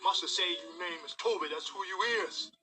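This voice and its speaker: An actor playing a wily old enslaved fiddler who talks in a drawn-out rural dialect and bosses a newcomer around. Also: male voice, high-pitched, bright, forceful tone, faint music behind. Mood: bossy. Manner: heavy rural Southern dialect, drawn-out teaching repetitions. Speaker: film character.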